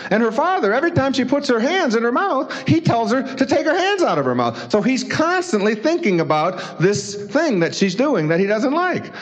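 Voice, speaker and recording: A man, an author, giving a casual motivational talk, chuckling often and acting out little dialogues. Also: very high-pitched. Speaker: author and speaker. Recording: dull lo-fi recording.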